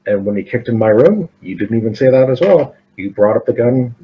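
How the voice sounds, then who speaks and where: A man's voice: mid-range voice, animated, fairly quick. A man playing a tabletop game, speaking casually as he argues his character's case, on a dull lo-fi recording with faint noise. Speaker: player.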